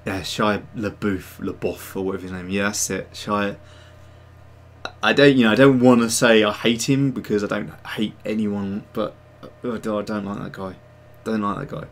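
A man's voice: fairly low pitch, little pitch movement, normal speed. A man hosting a casual livestream, chatting to viewers in a rambling way with many fillers and restarts. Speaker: livestream host and digital sculptor.

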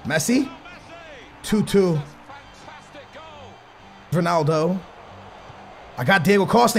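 A young man giving excitable live commentary on his own football video game matches, muttering while he concentrates and yelling when he scores. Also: sits high, a little slow, long pauses, faint music behind. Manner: excitable, bursts into shouting at goals. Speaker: gaming YouTuber.

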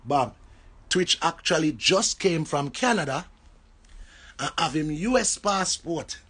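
Jamaican guy telling a story, high voice, kinda husky, slips into patois. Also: expressive, slow pace, a bit bright. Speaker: entertainer. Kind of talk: casual storytelling.

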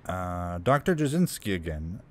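Brief: gamer guy narrating his horror playthrough, casual and jokey, lower voice, faint background hiss. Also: very animated, unhurried. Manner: casual, joking, reads game notes aloud. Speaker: let's play gamer. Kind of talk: gameplay commentary.

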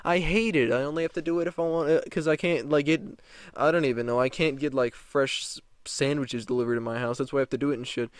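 A man's voice: mid-range voice, steady tone, quick pace, clean tone, dry recording, clean studio sound. A young man telling a story as a vlogger, rambling, heated and profane. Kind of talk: storytime rant.

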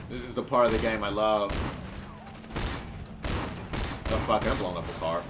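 A young man with a fairly low voice talks through a video game in casual let's-play commentary. He jokes crudely and breaks into loud, excited shouting, with a faint hiss of noise behind him. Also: moderate pace. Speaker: gaming YouTuber.

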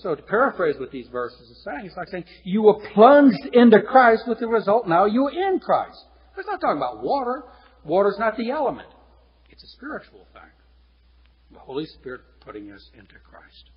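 A man preaching a lecture-style sermon, teaching in a lively, animated way with chuckles and restarts. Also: sits high, normal speed, husky. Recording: dull lo-fi recording in a reverberant hall.

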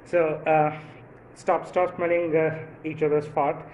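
Slow, chuckling man doing stand-up. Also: on the high side, level tone, roomy sound, lo-fi sound, background noise. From India. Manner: rambling, with many fillers and chuckles at own jokes. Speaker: stand-up comedian. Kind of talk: stand-up comedy monologue.

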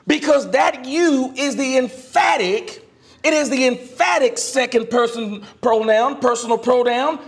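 A minister preaching with a very high voice that climbs and falls all over the place. He drops into low asides, then bursts out loud, and keeps asking the congregation for an amen. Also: animated, measured pace. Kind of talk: sermon.

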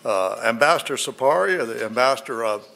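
Former ambassador guy introducing speakers, mid-pitch, measured, some uhs. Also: lively intonation, creaky, bright, forceful tone. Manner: measured, with frequent fillers. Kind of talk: formal introductions.

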